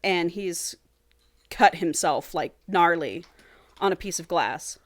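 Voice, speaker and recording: Animated woman retelling a story. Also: fairly low pitch, slow pace, dry recording. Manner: dramatic, acts out character quotes, laughs often. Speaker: podcast co-host retelling a novel.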